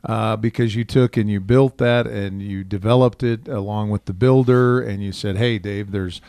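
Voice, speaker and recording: A man's voice: on the low side, steady tone, moderate pace, creaky, a little mellow, clean tone, no room sound. A man co-hosting a radio talk show, upbeat, praising and prompting the main host.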